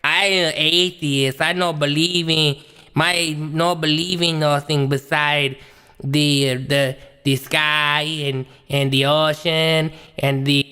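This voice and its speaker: A man's voice: a little high, flat delivery, slow, bright, forceful tone, smooth. A man voicing a cheerful immigrant man caller with a mock accent and broken English, in an echoey hall. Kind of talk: comedy sketch role-play.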